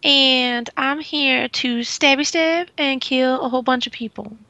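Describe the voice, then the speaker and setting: A woman voicing a brash female halfling rogue with a Southern US drawl, loud and gleeful. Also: high voice, measured pace, dry recording, highs cut off, full character voice.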